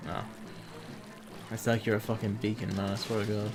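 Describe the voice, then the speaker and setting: Male streamer, fairly low voice, blunt and sweary, game music playing behind. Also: flat delivery, fairly quick. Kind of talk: casual gaming chat.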